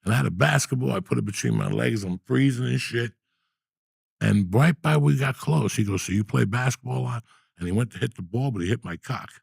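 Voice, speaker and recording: Gravelly New man telling stories. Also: medium pitch, fairly quick, dry recording. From New Jersey. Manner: animated, profane storyteller. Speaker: podcast host. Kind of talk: storytelling in casual chat.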